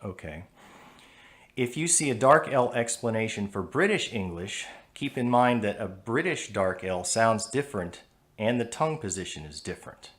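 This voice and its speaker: An animated American man with a lowish, fairly bright voice gives a pronunciation lesson. He demonstrates the sounds patiently and in a measured way while explaining them.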